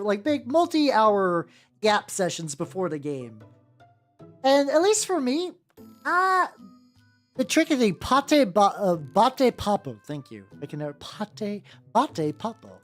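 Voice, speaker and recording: Painting miniatures on stream, a woman rambles casually and makes self-deprecating jokes. Her medium-pitched voice is sing-song and measured, with faint music playing behind her.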